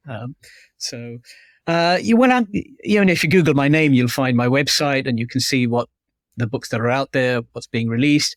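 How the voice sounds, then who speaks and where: A man's voice: medium pitch, moderate pace, no echo. Chatty self-deprecating man, dry sound. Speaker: guest author. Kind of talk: casual interview chat.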